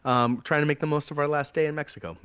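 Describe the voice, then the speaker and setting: A man's voice: fairly high pitch, quick pace, clean tone, dry recording. A man on a podcast casually telling a travel story, loose and full of swearing. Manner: loose and profane, animated quoted voices.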